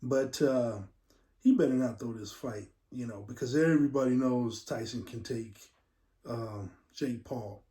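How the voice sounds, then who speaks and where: A man's voice: mid-range voice, measured pace, dark tone. Rambling man in a roomy echo. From West Texas. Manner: rambling, digressive, talks straight to viewers. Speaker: show host. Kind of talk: casual vlog chat. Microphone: camera mic.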